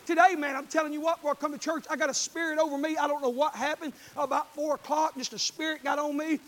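A man preaching a sermon in church, telling folksy stories with fervent bursts of shouting. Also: very high-pitched, level tone, fast.

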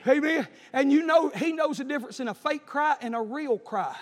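A man preaching a fiery sermon in a church, moving between shouted exhortation and folksy storytelling. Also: extremely high pitch, lively intonation, normal speed. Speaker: pastor. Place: church sanctuary. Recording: echoey church hall.

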